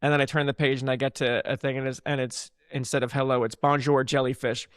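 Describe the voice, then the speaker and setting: A man's voice: medium pitch, little pitch movement, quick pace, a bit bright, clean tone, no echo. A man in his thirties tells dry, wry stories as a podcast co-host, recorded close with almost no room sound. He acts out little bits in silly voices as he goes. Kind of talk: casual chat.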